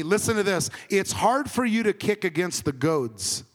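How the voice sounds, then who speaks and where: A man preaching a conversational sermon as pastor, swinging between emphatic and hushed. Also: high-pitched, big pitch swings, moderate pace, big-room sound.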